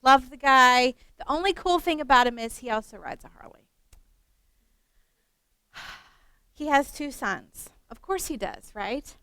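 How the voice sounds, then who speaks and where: A middle-aged woman from West Virginia, a teacher trainer telling a story at a workshop, animated with self-mocking humor. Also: high-pitched, unhurried, long pauses, smooth, dry recording.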